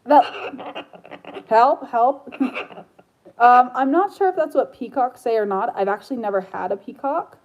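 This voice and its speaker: A woman's voice: on the high side, animated, normal speed, poor audio. A woman chatting casually about her pet parrot, rambling and slipping into baby talk with the bird. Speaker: parrot owner vlogger. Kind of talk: casual chat.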